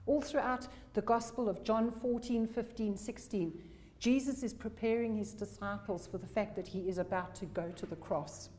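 A woman delivers a sermon in a mellow, warm voice. She is emphatic and hammers home key phrases through repetition. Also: mid-range voice, normal speed. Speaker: preacher.

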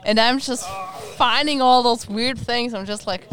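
A woman from Germany, a native German speaker, co-hosting a podcast in casual chat, animated and protesting through laughter. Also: a little high, a little slow, soft background music. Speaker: podcast co-host.

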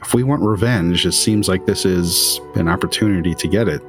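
A man voicing a calm werewolf elder. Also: low voice, fairly quick, faint music behind, lightly acted. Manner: calm, reasonable.

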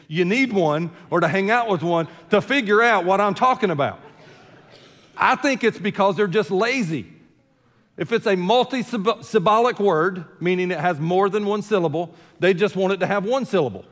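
Older pastor preaching, echoing hall. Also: male voice, high voice, a bit bright. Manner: conversational, joking asides, repeats words when starting. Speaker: senior pastor. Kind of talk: sermon. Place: church sanctuary.

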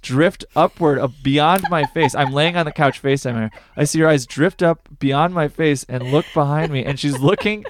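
A young man co-hosts a casual podcast. His voice sits a little high for a man, and he talks in loose, joking stories. The sound is close and dry. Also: moderate pace, few pauses, no echo. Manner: joking, rambling storyteller. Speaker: podcast co-host. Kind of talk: casual chat.

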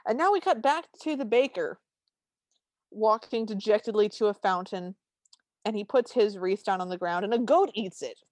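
A woman's voice: medium pitch, moderate pace, a little mellow, no room sound. A woman with a middle-range voice co-hosts a casual podcast and narrates the scenes of a film with wry humor and frequent laughs. The recording is close and dry. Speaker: podcast co-host. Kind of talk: casual chat recapping a film.

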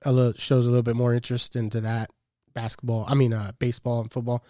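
A man's voice: medium pitch, flat delivery, fast, mellow, no room sound, clean studio sound. A man in his thirties chatting casually as a podcast co-host, laid-back, swearing a lot and laughing often. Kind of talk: casual chat.

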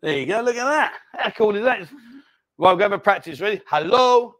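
Man, high-pitched, live-stream host, bantering, bar chat. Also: expressive, quick pace, heavy background noise. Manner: jokey, bossy banter, calls people mate.

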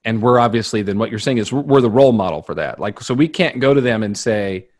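A man's voice: fairly low pitch, fast, a little mellow. Conversational man hosting a podcast. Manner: conversational, shares personal anecdotes, reassuring. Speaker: podcast host. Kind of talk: podcast interview.

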